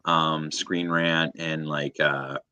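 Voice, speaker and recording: A man's voice: a bass voice, flat delivery, takes it slowly, bright, forceful tone, lo-fi sound, slight background noise. A man in a casual stream chat, talking hesitantly with lots of fillers.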